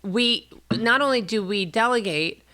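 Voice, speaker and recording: Animated woman comedian in a dry studio. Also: fairly high pitch, unhurried, dry recording. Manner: animated, acts out voices. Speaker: comedian guest. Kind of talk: comic storytelling on a radio show. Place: radio studio.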